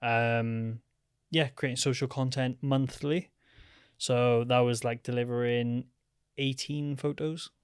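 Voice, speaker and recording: A man's voice: mid-range voice, steady tone, takes it slowly, clear, resonant tone, no room sound, clean studio sound. A young man chatting casually as a podcast guest, rambling with lots of fillers. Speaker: podcast guest, freelance photographer. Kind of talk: casual chat.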